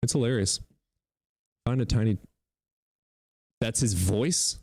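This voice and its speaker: A man's voice: mid-range voice, takes it slowly, a little mellow, breathy edge, dry recording. A man hosting a live-stream debate in casual chat, joking and sarcastic, and he swears freely. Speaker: livestream debate host.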